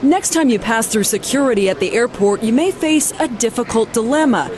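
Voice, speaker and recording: A woman reporter reading a scripted television news piece in a measured delivery. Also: on the high side, lively intonation, a little mellow.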